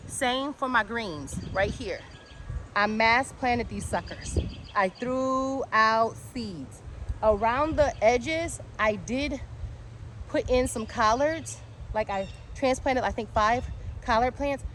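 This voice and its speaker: Chatty hyped woman walking thru her backyard garden, kinda high voice, birds and cars going by outside. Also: slow. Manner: excitable, chatty, easily distracted. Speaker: home gardener and channel host. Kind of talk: casual walk-and-talk garden tour. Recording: outdoor noise with birds and passing traffic.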